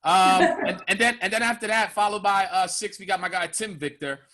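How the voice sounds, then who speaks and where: A man's voice: high voice, fairly quick, pushed and bright. A man in his thirties hosting a podcast, telling a rowdy story in casual chat and addressing the audience directly. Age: 30s. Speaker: podcast host.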